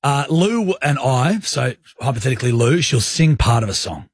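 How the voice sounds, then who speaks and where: Aussie male radio host, husky tone, dry studio mic, lively yarn-spinner. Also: medium pitch, moderate pace, no room sound. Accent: Australian. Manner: animated storyteller, acts out his own anger. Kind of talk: casual radio banter and storytelling. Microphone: studio microphone.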